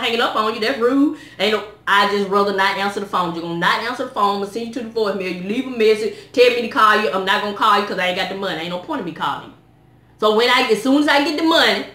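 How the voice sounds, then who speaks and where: A woman vlogging in a casual, exasperated rant, talking in a lively, colloquial way. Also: a little high, echoey room. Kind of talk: casual ranting vlog.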